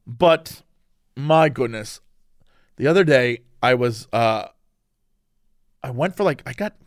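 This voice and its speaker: A man hosting a casual chat, telling a story with lively, acted-out quotes and big pitch jumps. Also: slow, no echo, studio quality. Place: Los Angeles.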